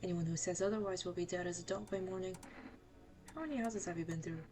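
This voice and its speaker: Brief: a gruff, swaggering drifter, a woman trying a British accent. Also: on the low side, quick pace, a little mellow, close to an everyday voice. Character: rough male drifter who says survival of the fittest.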